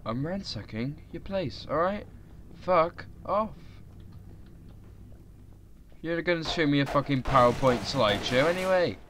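A man's voice: a little high, animated, normal speed, a bit bright, a little hiss or hum. A man giving profane, sarcastic let's play commentary as a gaming YouTuber.

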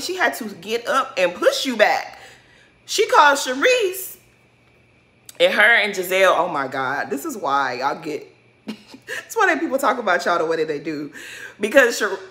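A woman with a bright, forceful voice talks through a reality TV episode in a casual recap. She is blunt and sassy, loose with slang and swearing. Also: fairly high pitch. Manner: colloquial slang-heavy talk.

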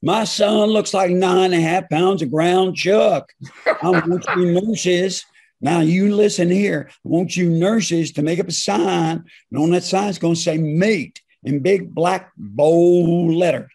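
A brash, domineering Texan policeman father barks orders at the hospital nurses. His voice rides high and insistent, as a man acts out his own dad for a stand-up bit. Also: slow, creaky, slightly rough, heavily acted. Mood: bossy. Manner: loud, insistent, bossing nurses. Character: brash Texan cop father, middle-aged man, bossy.

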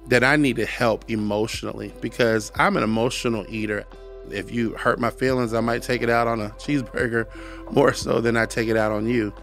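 A man's voice: medium pitch, a bit bright. Earnest man telling his testimony. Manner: earnest, repeats phrases for emphasis; preacherly, quotes scripture. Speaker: podcast guest. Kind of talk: personal testimony storytelling.

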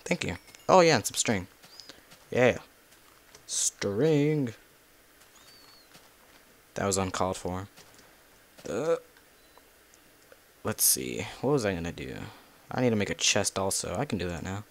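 A man's voice: on the low side, very animated, slow, vocal fry, long pauses. A man giving casual, rambling commentary while playing a video game, talking to himself and cussing at the monsters. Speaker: gameplay video creator.

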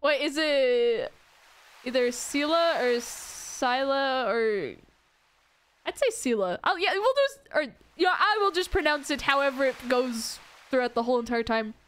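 A woman's voice: high-pitched, lively intonation, measured pace, a bit bright. A young woman giving live, playful commentary while playing a video game, giggling often and poking fun at herself. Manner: giggly, playful, self-mocking. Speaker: streamer.

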